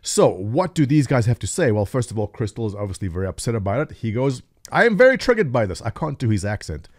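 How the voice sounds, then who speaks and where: A man's voice: on the low side, expressive, fast talker, mellow, no room sound, studio quality. A man hosting a casual gaming news video, giving commentary with wry, sarcastic asides.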